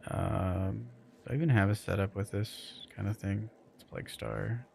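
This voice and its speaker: A man's voice: lowish voice, steady tone, moderate pace, gravelly, a little mellow, slight background noise. A man streaming a game, chatting loosely with his viewers and rambling with lots of fillers. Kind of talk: casual live-stream chat with viewers.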